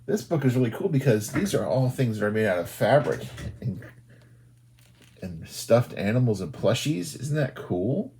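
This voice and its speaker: Husky man reading aloud to kids. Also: mid-range voice, normal speed. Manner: animated, sing-song, talks to young children. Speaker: children's librarian. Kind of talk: storytime read-aloud.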